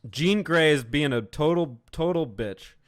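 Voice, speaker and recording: A man with a slightly raised voice trades sarcastic remarks about a film. He recaps scenes with a dry, mocking edge and fast interjections. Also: a little high, animated, clear, resonant tone. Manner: wry, sarcastic, quick asides. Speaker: podcast co-host. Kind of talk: casual movie chat.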